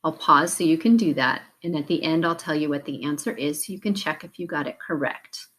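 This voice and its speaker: A woman teacher running a phonics drill, giving patient, clearly stretched-out word prompts. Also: low-pitched, fairly quick, fairly bright tone, slight background noise. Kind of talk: slow, deliberate classroom drill.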